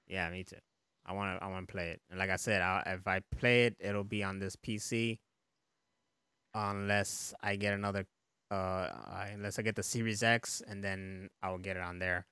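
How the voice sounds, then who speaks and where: A relaxed man talks through video games in a loose, rambling way, laughing and swearing casually. His voice sits a bit low. The sound is dry and close, with no room echo. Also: moderate pace, clear, resonant tone. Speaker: podcast co-host. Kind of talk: casual chat.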